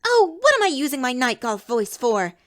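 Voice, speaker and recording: A woman's voice: high voice, big pitch swings, moderate pace. A woman doing a bubbly cartoon duck announcer. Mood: announcing. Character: chipper adult female cartoon duck announcer. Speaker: co-host announcer. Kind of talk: fan audio drama acting.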